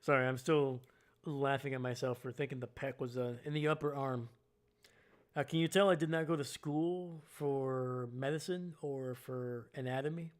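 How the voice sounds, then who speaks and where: A man doing live fan play-by-play and reaction, casual and self-mocking, getting excited on big plays. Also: medium pitch, moderate pace.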